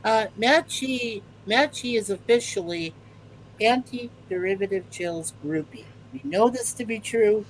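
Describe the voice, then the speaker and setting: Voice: medium pitch, unhurried, slight background noise, poor audio. A speaker chatting casually on a group live stream and greeting viewers.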